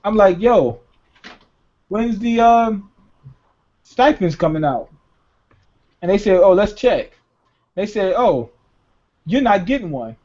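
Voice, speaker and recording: Young guy ranting about his money troubles, swearing a lot, kinda high voice, dull lo-fi audio. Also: slow, pauses often. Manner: profane, animated storytelling with acted-out quotes. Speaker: podcast host. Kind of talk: casual chat. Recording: dull lo-fi recording.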